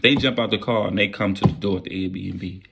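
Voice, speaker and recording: A young man casually telling a wild story in a vlog, with animated, profane street slang. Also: sits low, brisk, gravelly, a little hiss or hum.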